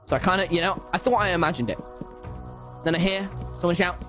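A man's voice: fast, long pauses, faint music behind. A young man, a gaming streamer telling a dramatic school story to his chat while he plays. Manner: excitable, dramatic storyteller with big pitch swings.

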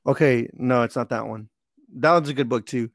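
A man in his twenties hosting a casual chat, telling stories in a relaxed way and laughing easily. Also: mid-range voice, moderate pace, no room sound, clean studio sound.

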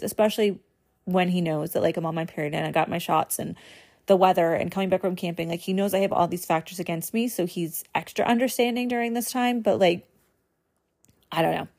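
A young woman talks straight to her viewers in a loose, heartfelt way, sprinkling "like" through her sentences. Her voice sits a little on the low side for a woman. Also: darkish tone. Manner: casual, earnest, filler-heavy with frequent "like". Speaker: host. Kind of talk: personal talk to camera.

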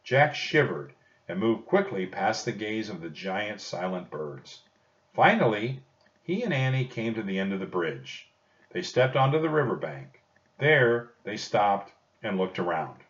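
A man narrating a children's storybook audiobook in a slow, expressive storytelling manner. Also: fairly low pitch. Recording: dull distant recording.

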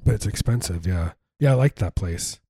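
A man with a mellow, relaxed voice rambles through casual podcast banter. He jokes and wanders between thoughts, recorded close on a dry mic. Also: low-pitched, moderate pace, creaky, slightly rough, no echo. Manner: rambling, jokey, slips into silly put-on voices. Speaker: podcast co-host. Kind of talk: casual chat.

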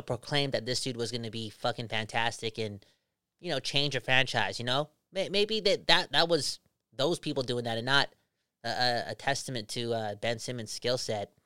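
A man co-hosting a podcast, talking in brash, profane, joking rants that get excitable. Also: mid-range voice, clean tone, dry recording. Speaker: podcast co-host. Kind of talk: casual podcast chat.

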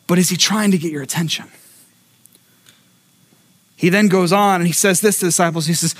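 A man pastor preaching a sermon, telling a story with lively acted-out voices and frequent restarts. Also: high-pitched, brisk, long pauses. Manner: animated storytelling, acting out voices; repeats words when starting thoughts.

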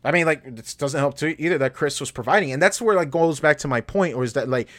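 Guy ranting fast on a podcast, blunt and sweary, gets heated. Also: fairly high pitch, a bit bright. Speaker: podcast co-host. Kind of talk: casual podcast chat.

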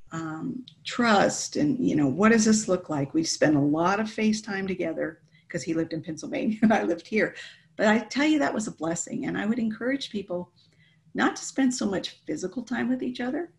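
A middle-aged woman telling a personal faith story in a lively, animated way, often laughing. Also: on the low side, vocal fry. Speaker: guest telling her story. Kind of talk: personal testimony chat.

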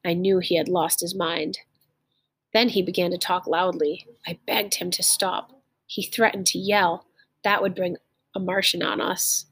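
Husky woman reading a story aloud. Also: on the low side, flat delivery, fairly bright tone, dry recording. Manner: pauses to explain words in plain terms.

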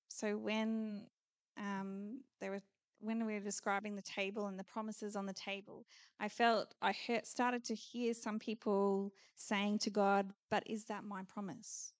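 At a church conference, a woman preaches prophetically, earnestly declaring promises over her listeners and repeating phrases. Her voice is medium in pitch, and the recording has no echo.

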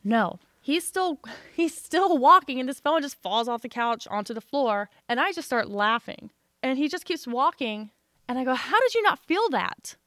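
A woman's voice: sits high, normal speed, no room sound, clean studio sound. A young woman telling a funny story on a casual podcast, laughing through it. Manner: animated, laughs through her own story. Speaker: podcast co-host.

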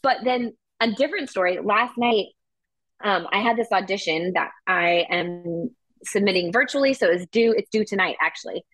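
A woman's voice: mid-range voice, normal speed, fairly bright tone, no room sound. A woman co-hosting a podcast, telling a story in a casual chat with lots of filler words. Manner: chatty storytelling, heavy use of "like". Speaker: podcast co-host.

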